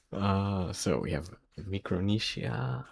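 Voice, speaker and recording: A man's voice: low-pitched, expressive, slow, vocal fry, a little hiss or hum. A man thinking aloud as he works through a quiz, hesitant and muttering guesses to himself. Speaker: quiz video host.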